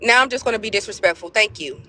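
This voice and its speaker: A woman's voice: mid-range voice, fast talker, pushed and bright. A woman in a heated live debate who curses freely, trades insults and repeats her points over and over. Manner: cursing, insulting, repeats phrases. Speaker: debate participant.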